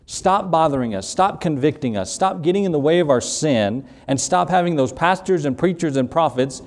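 A man's voice: a little high, expressive, moderate pace, darkish tone. A man preaching a sermon as pastor, stressing words and acting out short quoted prayers. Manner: preaching with rising emphasis and acted-out quotes.

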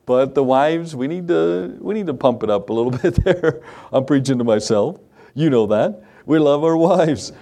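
A man's voice: a little high, expressive, normal speed, gravelly, mellow. Folksy man preaching a sermon. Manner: folksy, conversational preaching with asides and chuckles. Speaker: pastor.

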